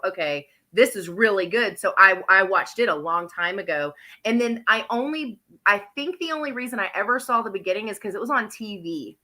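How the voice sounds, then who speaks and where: A woman's voice: medium pitch, pushed and bright. Chatty woman hosting a podcast. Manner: chatty, moderating the discussion. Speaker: podcast host. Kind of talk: casual podcast chat.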